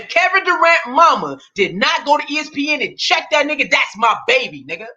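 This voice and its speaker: A man's voice: extremely high pitch, big pitch swings, brisk, few pauses, pushed and bright, lo-fi sound. A man in his thirties hosting a heated solo sports rant, indignant and profane, firing off rhetorical questions. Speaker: sports talk host.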